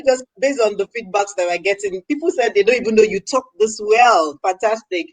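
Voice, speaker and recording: A woman's voice: medium pitch, a little fast. A woman hosting an interview show, chatting with eager interjections. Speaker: show host. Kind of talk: casual interview chat.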